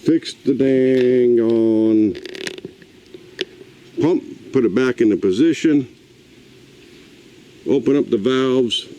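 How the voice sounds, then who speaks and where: A man's voice: mid-range voice, takes it slowly, long pauses, warm tone, slight background noise, rough recording. An older man narrating a casual do-it-yourself pool repair outdoors, grumbling and talking to himself as he works. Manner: folksy, grumbling, talks to himself while working. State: out of breath at times. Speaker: DIY video host. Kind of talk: casual how-to vlog narration.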